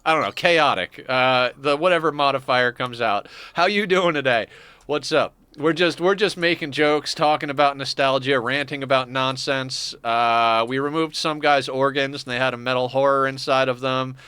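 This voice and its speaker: A man's voice: medium pitch, normal speed, bright, forceful tone, smooth, no echo. A man streaming a game, chatting casually in a rambling, profane way and laughing often. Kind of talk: casual gaming stream chat.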